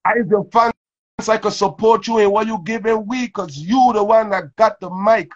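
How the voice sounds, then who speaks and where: A man's voice: high-pitched, moderate pace. A man hosting a casual interview, rambling and laid-back with lots of fillers. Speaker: host. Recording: dull lo-fi sound.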